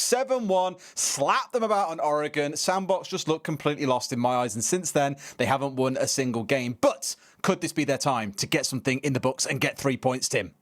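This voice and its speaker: A man's voice: fairly high pitch, a bit bright. A man casting an esports match, jokey and bantering. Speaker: esports caster. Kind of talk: esports pre-match commentary.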